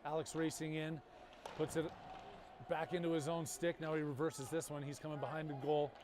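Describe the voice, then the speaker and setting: Male youth hockey commentator with a high voice, quick calls and playful asides. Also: little pitch movement, noisy background. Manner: rapid play-by-play with jokey banter. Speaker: play-by-play commentator.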